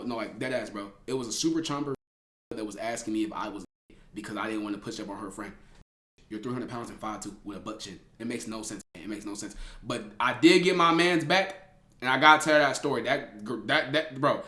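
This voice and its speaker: A young man telling a story to his live chat in a casual, slangy way, laughing often and swinging between loud and hushed. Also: mid-range voice. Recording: roomy echo.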